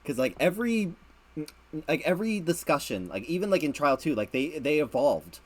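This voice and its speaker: A man's voice: a little high, very animated, moderate pace. A man hosting a casual late-night stream chat, rambling and repeating words, laughing often. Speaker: streamer host.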